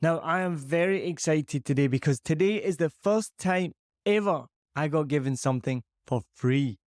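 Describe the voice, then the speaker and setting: A Scottish man hosts a podcast, reviewing a microphone in an upbeat, chatty, self-deprecating way. His voice is fairly high and darkish, at normal speed, with no room sound. He's recorded on a boom-arm dynamic mic in a large, empty living room full of shiny surfaces.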